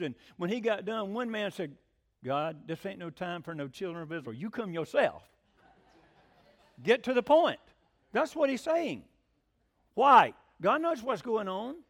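A lively man preaches in a folksy, conversational way. His voice sits high and leaps around a great deal in pitch as he talks. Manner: animated, folksy, with swooping pitch. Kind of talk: sermon teaching.

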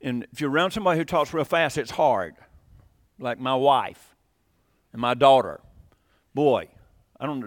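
A man's voice: a little high, expressive, normal speed, pauses often, dry recording, clean studio sound. Folksy man teaching Bible class. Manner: folksy, rambling, asks the class questions.

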